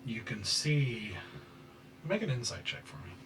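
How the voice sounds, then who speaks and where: A man narrating a scene as game master, halting and full of fillers. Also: lowish voice, sing-song, distant mic, very noisy.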